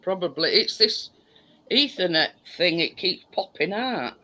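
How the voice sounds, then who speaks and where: A hoarse woman with a Yorkshire accent, hosting a casual live-stream chat over a video call and often stumbling over and repeating her words. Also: on the low side, expressive, unhurried, bright, forceful tone, rough recording.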